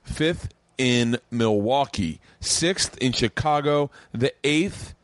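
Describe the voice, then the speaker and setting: A man hosting his own comedy podcast, talking loosely and fast, swearing often and rambling with excitement. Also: medium pitch, no room sound. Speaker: podcast host and stand-up comic. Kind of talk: casual podcast chat. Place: home studio room.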